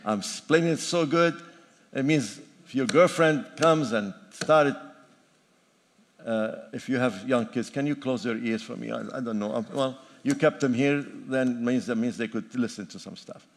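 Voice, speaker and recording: Speaking at normal speed in a mid-range voice, an older pastor delivers a sermon inside a church sanctuary. He preaches emphatically and repetitively with the occasional joke, all carried by the hall's long reverb.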